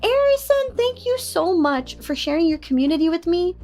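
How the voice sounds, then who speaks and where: A young woman streaming casually, playful and excitable, squealing in mock outrage and laughing often. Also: very high voice, moderate pace, soft background music. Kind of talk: casual live-stream chat.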